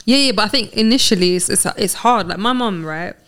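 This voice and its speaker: A woman's voice: medium pitch, fairly quick, a bit bright. A woman, a podcast guest talking in casual, swear-peppered banter.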